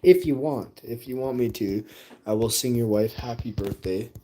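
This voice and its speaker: A man's voice: mid-range voice, moderate pace, heavy background noise. A man chatting casually to his live-stream audience, rambling through stories. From Canada. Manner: rambling, chatty storytelling that turns loud and laughing.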